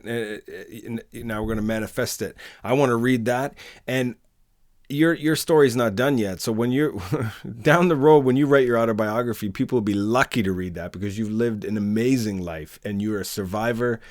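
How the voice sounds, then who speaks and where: Effusive male podcast host, low voice. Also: normal speed. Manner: effusive and affectionate. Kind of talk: candid unscripted chat. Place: remote call with a guest overseas.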